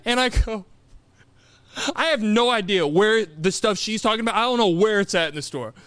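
A young man with a high voice, animated and self-mocking as he spins a story on a casual podcast. The sound is close and dry, with no room around it. He laughs easily as he goes. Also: moderate pace, clean tone, dry recording. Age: young adult. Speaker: podcast co-host. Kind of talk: casual chat.

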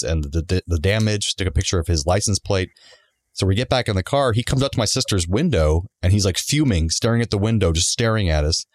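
A man with a lowish voice rattles through a story at high speed, bringing it alive by acting out the people in it. The sound is dry and close, with no room around it. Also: dry recording. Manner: animated, acts out quoted people mid-story. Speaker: podcast co-host. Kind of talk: casual storytelling chat.

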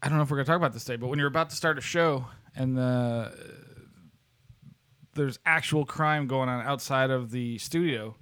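A man's voice: medium pitch, brisk, fairly bright tone, clear, resonant tone. A man co-hosting a podcast, playful and laughing along in casual chat. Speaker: podcast co-host.

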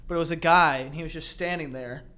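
A man's voice: on the high side, fairly even intonation, fast talker, pushed and bright. A young man co-hosting a podcast in loose, rambling casual chat, laughing easily as he tells stories. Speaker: podcast co-host.

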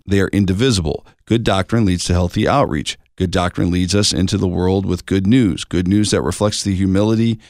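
Male radio co-host, lower voice, measured reading of listener mail, dry studio sound. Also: no echo. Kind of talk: reading listener emails on air.

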